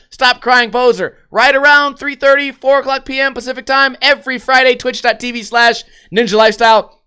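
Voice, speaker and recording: A young man with a high, bright, clear voice hosts a casual livestream podcast. He rambles through crude stories and swears constantly, talking loosely and off the cuff. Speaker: podcast host.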